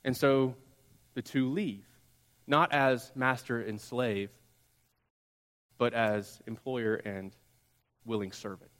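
Guy preaching a sermon, tells it slow with soft quiet drops, big echoey church sound. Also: medium pitch, fairly even intonation. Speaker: pastor. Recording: long hall reverb.

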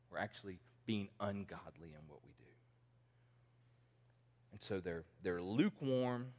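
A pastor in his forties preaching a conversational sermon, acting out the people he quotes. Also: on the low side. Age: 40s. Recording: long reverb in a large hall.

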